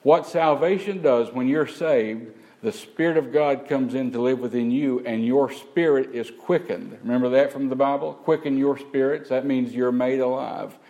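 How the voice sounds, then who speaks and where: A man's voice: mid-range voice, moderate pace, mellow, highs cut off. A man preaching a teaching sermon, asking the congregation rhetorical questions.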